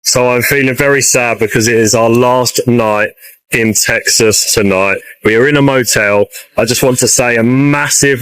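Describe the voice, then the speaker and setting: Guy in a motel thanking everybody, smooth voice, dry sound. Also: mid-range voice, a bit bright, no echo, rough recording. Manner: grateful, listing people one by one. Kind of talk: heartfelt thank-you vlog. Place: motel room.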